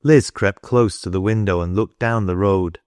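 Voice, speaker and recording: Male audiobook narrator, low, unhurried, dry studio. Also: no echo. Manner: steady, unhurried storytelling. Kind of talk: scripted narration.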